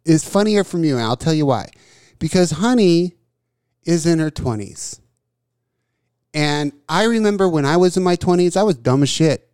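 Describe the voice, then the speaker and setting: A man's voice: on the high side, animated, normal speed, pauses often, a little mellow, clear, resonant tone, dry recording, studio quality. A man co-hosting a crude radio talk show, ranting emphatically and swearing constantly. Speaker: podcast co-host. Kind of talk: crude casual radio banter. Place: small studio with desk mics.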